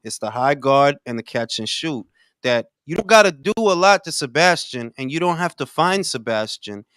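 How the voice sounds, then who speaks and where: A man's voice: fairly high pitch, lively intonation, normal speed, fairly bright tone, no room sound, studio quality. A man hosting a casual live boxing talk stream, joking and slangy, saying "bro" a lot. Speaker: host.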